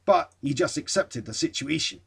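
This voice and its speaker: A man's voice: on the high side, animated, moderate pace, gravelly, fairly bright tone, breathy edge, heavily acted. A man reading a football captain's quote in a put-on regional voice, emphatic and admiring. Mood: earnest.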